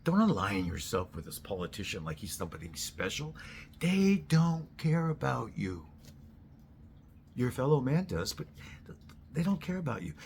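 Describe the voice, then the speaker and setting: Blunt, low-voiced ranting man. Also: very animated, a little fast, slight background noise. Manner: blunt, profane, swings to loud outbursts. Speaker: host. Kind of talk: ranting monologue.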